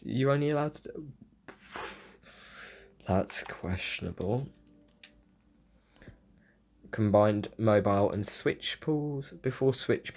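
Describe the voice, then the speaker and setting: Young male gaming creator, lowish voice, casual patch-notes read with eager reactions. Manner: casual, excitable asides between read-out notes. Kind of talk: reading patch notes with commentary.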